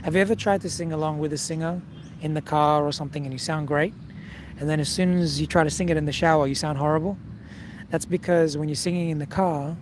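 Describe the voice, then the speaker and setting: A man's voice: a little high, background noise. Man coaching singers. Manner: direct, coaching, frequent "okay?" check-ins. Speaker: singing teacher. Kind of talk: casual video lesson.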